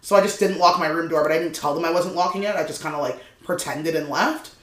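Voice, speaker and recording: A man in casual podcast chat, spinning a lively anecdote and jumping into other people's voices as he goes. His tone is bright and forward, and the room gives it a noticeable echo. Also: a little high, quick pace. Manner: animated storytelling, acting out voices. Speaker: guest comedian. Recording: roomy echo.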